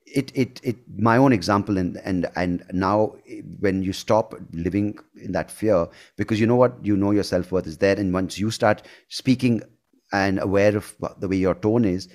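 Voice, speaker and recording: Earnest, low-voiced man. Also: normal speed, darkish tone. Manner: reflective, earnest, shares personal experience. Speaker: host. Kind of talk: conversational interview.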